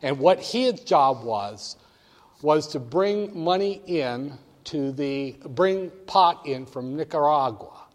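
A man's voice: on the high side, lively intonation, takes it slowly. An older man wryly telling a candid story, briefly acting out the voices of people in it. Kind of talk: storytelling anecdote. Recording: long hall reverb.

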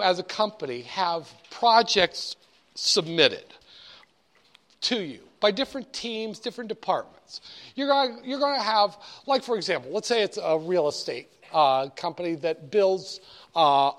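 A man's voice: high voice, fairly bright tone. A man with a slightly raised voice gives a lecture. He talks loosely and conversationally, drifting into stories before he comes back to the lesson. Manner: conversational, digressive storytelling. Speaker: instructor. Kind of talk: storytelling lecture.

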